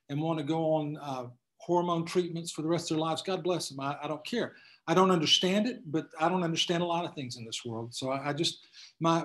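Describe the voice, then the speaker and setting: Male attorney lecturing a class, conversational, restarts a lot, slightly high voice. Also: rough recording. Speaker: attorney giving a class talk. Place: room full of people.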